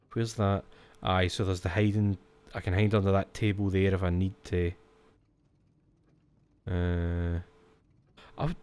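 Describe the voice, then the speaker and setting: Chatty Scottish man, low voice. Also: a little mellow. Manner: chatty, jumpy, swears when startled. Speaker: streamer. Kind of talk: let's-play commentary.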